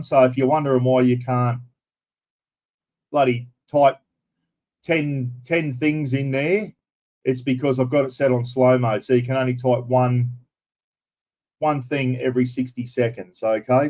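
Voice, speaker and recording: A man's voice: mid-range voice, a little mellow. A man with an Australian accent hosting a casual live stream, chatting bluntly with viewers and swearing a little. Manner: blunt and chatty, mild swearing, addresses viewers as everyone and mate.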